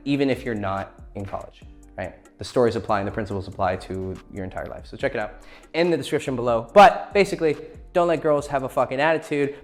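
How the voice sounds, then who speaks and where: A young man giving blunt, profane dating advice in a casual vlog. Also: mid-range voice. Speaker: dating coach.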